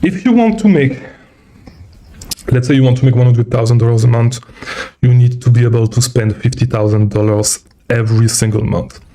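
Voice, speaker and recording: A man's voice: mid-range voice, normal speed, mellow. A man hosting a casual live Q&A as a seller coach, short of breath and rambling, tagging many lines with "okay?". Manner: rambling, repeats okay, reads viewer questions. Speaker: livestream host and seller coach. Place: traveling, indoors.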